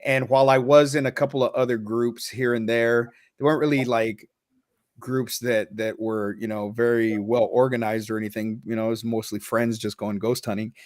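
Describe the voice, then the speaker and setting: A man in a casual podcast talk, telling a personal story with blunt, profane candor and loose restarts. His pitch sits in the middle, and the sound is close and dry. He sounds a little choked up underneath. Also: steady tone, normal speed, no room sound.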